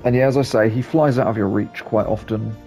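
A man's voice: lowish voice, fairly even intonation, fairly quick, warm tone, faint music behind. A young man giving casual, rambling gameplay commentary as a channel host, hesitant and full of ums.

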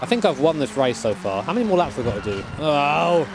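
A man's voice: a little high, big pitch swings, fast talker. Chatty swearing male game streamer. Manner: casual, joking, swears freely. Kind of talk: live-stream gaming commentary. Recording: game car noise behind. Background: racing game engine sounds.

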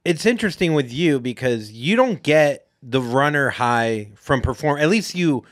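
A man's voice: medium pitch, animated, normal speed. A man co-hosting a podcast, chatting casually and agreeing often. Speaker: podcast co-host. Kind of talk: casual chat.

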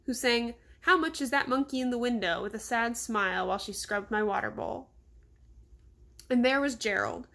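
A woman calmly reading a children's novel aloud. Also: a little high, creaky. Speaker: reader.

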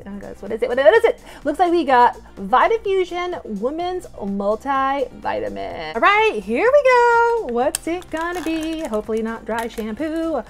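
Woman, very high voice, swooping lively pitch, excitable toy unboxer, faint music underneath. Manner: gushing, gasps and giggles, repeats "oh my goodness". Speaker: toy collector and channel host. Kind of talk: toy unboxing vlog chat.

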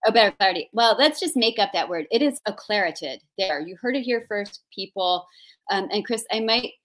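A woman's voice: mid-range voice, expressive, moderate pace, fairly bright tone. A woman hosting an interview over a video call, playful, chatty and self-mocking. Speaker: host. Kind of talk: interview, casual chat.

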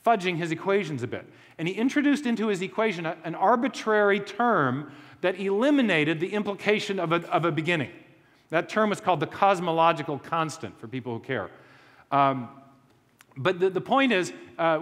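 A man's voice: fairly high pitch, fairly bright tone. Man lecturing in a reverberant hall. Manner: conversational, with joking asides and frequent restarts. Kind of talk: lecture to a live audience.

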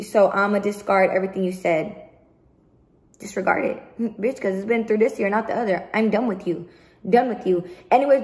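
A woman vlogger in a heated storytime rant to camera, swearing often and repeating herself for emphasis. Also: medium pitch. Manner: profane, emphatic, repetitive venting.

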